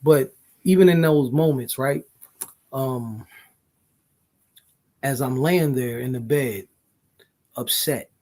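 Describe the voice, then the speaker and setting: A man's voice: medium pitch, takes it slowly, pauses often, darkish tone. A man co-hosting a casual couple's podcast, talking earnestly, often cutting in and apologizing, with some swearing. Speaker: podcast co-host.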